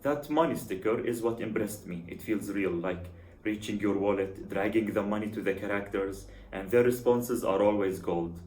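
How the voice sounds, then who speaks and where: Man, lowish voice, dry sarcastic commentary read, roomy echo. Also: normal speed, darkish tone, slight background noise. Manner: wry, sarcastic. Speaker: YouTube commentator. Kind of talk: scripted voice-over commentary. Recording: echoey room.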